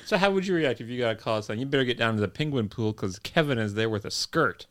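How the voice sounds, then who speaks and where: A man's voice: medium pitch, expressive, fast, a bit bright. A young man co-hosting a casual movie chat, recapping the plot with dry, wry humor. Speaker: podcast co-host.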